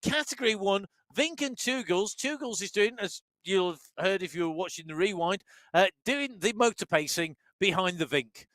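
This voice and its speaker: A man commentating a live virtual cycling race, excitable and quick to laugh, building up hard through the sprint finishes. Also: high-pitched, no echo. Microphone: headset with talkback in ears.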